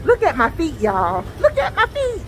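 A Southern American woman vlogs outdoors in the snow, walking with her phone and talking to camera while exclaiming dramatically and calling out to her viewers. Her voice is extremely high with wildly swooping pitch at a moderate pace, and the audio is poor with slight background noise.

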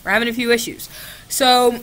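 A woman's voice: a little high, steady tone, fairly quick, a bit bright. A young woman making a casual video at her laptop, chatting with a chatbot in a sarcastic, giggly, mock-exasperated way and swearing often. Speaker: gaming video creator. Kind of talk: casual chat with a chatbot on camera. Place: home, at a laptop.

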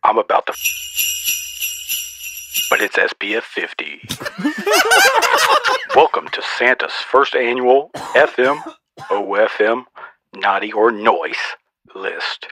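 A man's voice: medium pitch, wildly swooping pitch, slow pace, pauses often, background noise. A man putting on a snarky old Santa. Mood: mock-stern. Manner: mock-stern roast, teasing. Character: boastful old male Santa Claus, snarky. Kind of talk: comedy podcast sketch.

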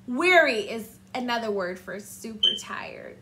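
A woman teacher reading a storybook aloud to children, animated and stopping to ask them questions. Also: a little high, measured pace, few pauses, a little hiss or hum. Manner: animated, asks the listeners questions.

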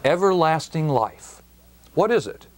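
Man teaching a bible verse real slow, earnest and emphatic, voice jumps up on key words. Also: a little high, big pitch swings.

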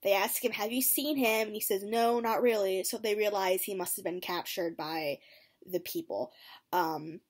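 Chatty woman recapping a show. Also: normal speed. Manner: chatty, giggly, lots of ums and likes; acts out quotes in lively higher voices. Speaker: reaction video host. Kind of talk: casual episode recap.

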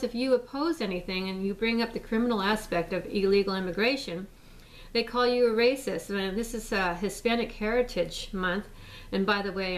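A woman's voice: medium pitch, far from the mic, low-quality recording. An American woman, a mother, speaking out in a rambling casual statement full of fillers and restarts. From United States.

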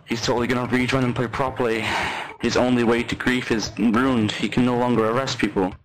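A man's voice: mid-range voice, little pitch movement, fairly quick, soft background music, rough recording. A man from London in casual game voice chat, exasperated and scolding. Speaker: player in online game voice chat.

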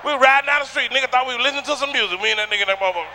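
A man doing a loud, animated stand-up routine on a comedy stage, acting out the voices in his stories. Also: very high voice, very fast, noisy background. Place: comedy stage before a live audience.

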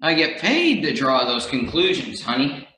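A man's voice: mid-range voice, big pitch swings, moderate pace, bright, forceful tone, reverberant, low-quality recording. An actor playing a cocky, hard-boiled private eye who drawls smug tough-guy lines, in an amateur virtual stage reading.

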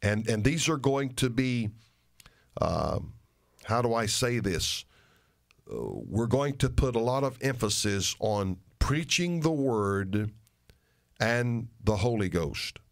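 A man's voice: mid-range voice, big pitch swings, slow pace, creaky. An older man, a pastor, making an earnest and emphatic appeal to his listeners, repeating phrases for stress. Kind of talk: radio sermon and ministry appeal.

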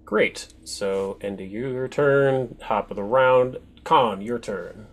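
A man running an online tabletop game as game master, explaining rules and reacting to dice rolls with quick exclamations. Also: mid-range voice.

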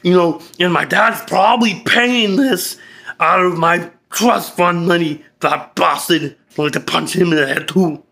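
A man's voice: high voice, a little slow, vocal fry, sharp tone, exaggerated voice. A man playing a hot-tempered young man in a comedy skit, cursing and insulting his therapist. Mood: defiant.

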